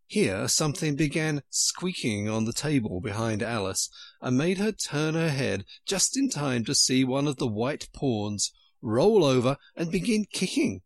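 Gravelly, lively male storyteller. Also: mid-range voice, unhurried, no echo. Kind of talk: storybook narration.

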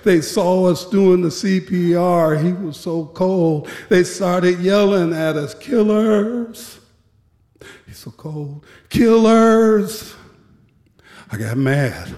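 A man recounts his years as a prison guard in a slow, measured telling, with heavy pauses between phrases. His voice sits a little high for a man. The sound rings through a big hall with a long, roomy tail. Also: warm tone. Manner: measured, grave, with deliberate pauses. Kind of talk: personal storytelling talk. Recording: echoey hall with long reverb.

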